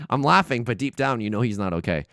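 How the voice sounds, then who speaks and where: A young man hosting a let's play, giving excitable, self-mocking commentary on his game that swings from muttering to shouting. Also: medium pitch, moderate pace, vocal fry, no echo. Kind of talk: gameplay commentary.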